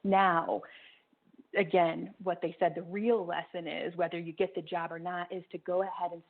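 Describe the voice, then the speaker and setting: A woman giving slow, reassuring tarot readings to callers on a call-in radio show. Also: on the low side, level tone. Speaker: psychic reader. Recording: tinny phone-like call-in radio.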